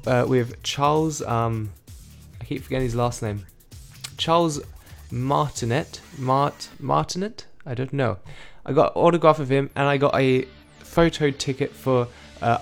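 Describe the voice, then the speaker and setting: A man's voice: medium pitch, gravelly. Young man recapping his day on his vlog, rambles, corrects himself with dry asides. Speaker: vlogger.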